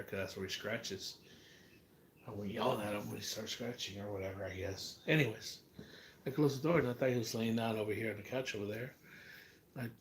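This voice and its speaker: A man's voice: mid-range voice, a little hiss or hum. Rambling, profane man chatting on a livestream. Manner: rambling, profane, talks to chat. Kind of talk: casual live-stream chat.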